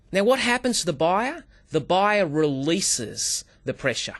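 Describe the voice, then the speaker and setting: A man, a sales trainer appearing as a guest, who tells stories in an animated way, acts out dialogue and keeps addressing the host by name. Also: high voice, a little slow, hardly any pauses. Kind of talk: animated interview talk.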